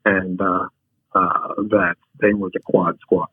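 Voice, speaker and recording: A low-voiced man with a husky edge tells humorous stories at an unhurried pace. The sound is dry and tinny, like a phone line, with no room around it. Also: little pitch movement, no room sound. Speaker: podcast guest. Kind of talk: casual storytelling.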